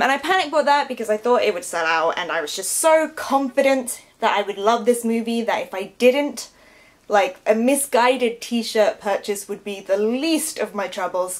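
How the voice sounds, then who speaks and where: Gushing woman vlogger. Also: medium pitch. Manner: gushing, enthusiastic. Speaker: film review vlogger. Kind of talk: casual review vlog.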